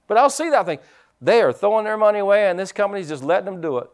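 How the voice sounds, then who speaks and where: Preaching in a high, animated voice at a racing speed, this man is a pastor giving a conversational sermon. He sprinkles in amens often and swings from hushed asides to loud, forceful emphasis.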